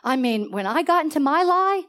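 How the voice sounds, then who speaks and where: High-pitched female preacher, emphatic and lively, drawing answers from the congregation. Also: normal speed. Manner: animated, emphatic call-and-response preaching with laughter. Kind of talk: sermon. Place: church sanctuary.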